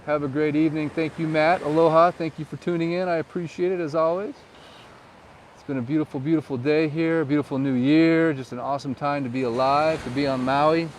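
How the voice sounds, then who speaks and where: A man in his forties, a real estate agent, chatting casually with live viewers outdoors and jumping into high squeals of excitement now and then. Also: brisk, a little hiss or hum. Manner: laid-back and playful, bursting into high squeals of excitement. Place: outdoors on the island, riding a golf cart near the surf.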